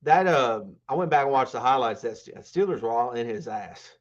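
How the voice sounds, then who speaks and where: A man co-hosting a sports podcast, rambling enthusiastically with lots of fillers and false starts. His voice sits at a middle pitch for a man. The recording sounds a bit dull and muffled. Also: lively intonation, fairly quick. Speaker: podcast co-host. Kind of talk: casual sports podcast chat.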